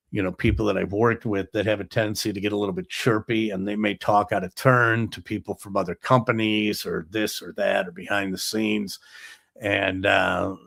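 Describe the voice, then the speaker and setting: Male talk show host, low and gravelly, dry close sound, casual rambling delivery. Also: a bit bright, no room sound. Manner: rambling, filler-heavy retelling. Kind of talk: casual monologue.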